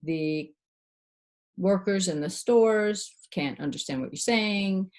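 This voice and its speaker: A middle-aged woman voice coach giving a clear, demonstrative lesson, shifting her pitch and loudness to show techniques. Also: takes it slowly. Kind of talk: instructional talk to camera.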